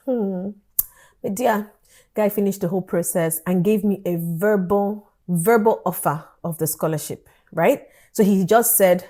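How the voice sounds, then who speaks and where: A woman, telling a personal story in an animated vlog style and acting out the dialogue. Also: medium pitch, unhurried. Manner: animated storytelling, acts out dialogue, laughs often. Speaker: vlogger.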